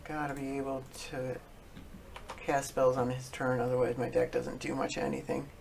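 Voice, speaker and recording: A man narrates his own card game on a stream, thinking aloud in a loose, halting way with plenty of fillers. His voice has a gravelly, fry-edged texture at a middling pitch, with a faint hiss behind it. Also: flat delivery, darkish tone. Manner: halting, with frequent fillers and self-corrections. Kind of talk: casual thinking-aloud commentary.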